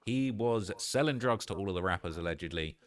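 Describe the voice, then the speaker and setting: A man's voice: sits low, expressive, fairly quick. Slangy man riffing on rap news. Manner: slangy, opinionated, keeps saying "all right?". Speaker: host. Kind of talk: casual reaction commentary.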